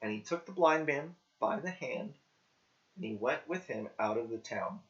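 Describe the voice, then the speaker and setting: Man slowly reading scripture aloud. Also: medium pitch, lively intonation. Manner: slow, simple, careful reading for learners. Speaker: scripture reader. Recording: dull lo-fi recording.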